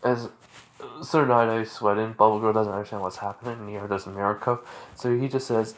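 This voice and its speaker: A man's voice: lowish voice, fairly even intonation, a little fast. A man narrating an improvised fan story, rambling with many fillers and restarts.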